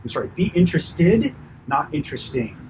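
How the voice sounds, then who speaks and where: A man working as a personal trainer, giving a chatty, animated debrief after a client session, full of fillers and asides. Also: on the high side, brisk, background noise. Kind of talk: casual coaching debrief.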